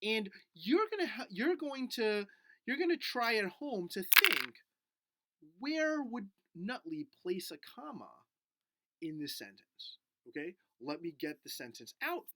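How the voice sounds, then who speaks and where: A man teaching a video lesson to first graders in a gentle, patient, coaxing way. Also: sits high, very animated, a little slow, no room sound. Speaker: elementary school teacher.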